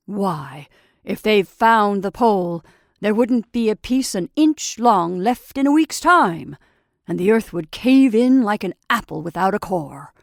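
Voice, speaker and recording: Woman doing a loud, hearty Santa Claus. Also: medium pitch, gravelly, no room sound, studio quality. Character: jolly old Santa Claus, brisk and commanding.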